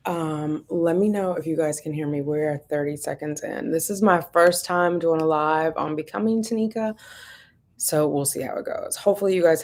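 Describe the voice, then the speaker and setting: Brief: relaxed woman on a home livestream, slightly low pitch, chatty and easygoing, laughs easily. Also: creaky. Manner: chatty and laid-back, laughs often, greets viewers by name. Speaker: vlogger hosting a livestream. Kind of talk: casual livestream chat greeting viewers.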